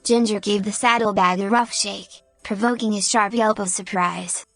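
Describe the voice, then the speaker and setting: A woman narrating a fantasy story at a steady, even pace. Her voice sits at a middling pitch, and faint background music plays beneath the reading. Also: moderate pace, few pauses, no echo.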